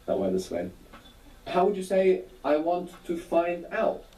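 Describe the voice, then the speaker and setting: A man leads a recorded language lesson, patiently posing prompts and confirming each answer. His voice is mellow and dark. He sits back from the mic in a roomy, echoing space. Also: sits high, sing-song, measured pace. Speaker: language teacher on a recorded audio course. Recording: echoey, distant from the mic.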